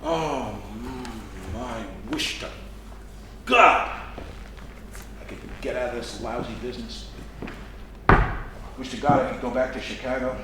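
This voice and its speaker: A man's voice: medium pitch, measured pace, pauses often, lightly acted. An actor playing a worldly, fatherly middle-aged male Chicago gangster in a live stage play, lecturing and telling stories in a wry tone. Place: theater stage. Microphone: distant room mic. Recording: roomy stage, distant mic, faint hiss.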